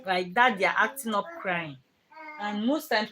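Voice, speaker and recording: A young woman talks casually to her live-stream viewers about parenting. She rambles in loose, restarting sentences full of fillers, and her voice sits at an ordinary middle pitch. Now and then she turns sharp and stern to scold a child. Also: measured pace, a little hiss or hum, low-quality recording. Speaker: parenting vlogger.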